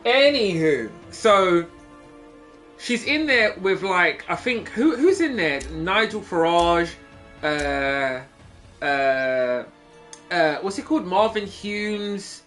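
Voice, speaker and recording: A man's voice: sits high, very animated, takes it slowly, fairly bright tone, soft background music. A man in his thirties, a gaming streamer rambling through a gossipy story and teasing his chat. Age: 30s.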